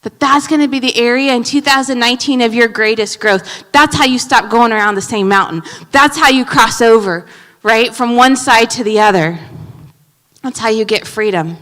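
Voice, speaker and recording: A woman pastor preaches with a high, bright voice. She swings from loud, punchy emphasis to hushed asides. The sound carries a long reverb from a church sanctuary. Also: moderate pace. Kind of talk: sermon.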